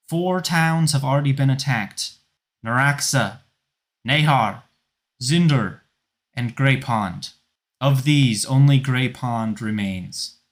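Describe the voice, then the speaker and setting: A man voicing a stern woman military leader who barks loud orders to a crowd. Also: medium pitch, voice pushed up, natural voice.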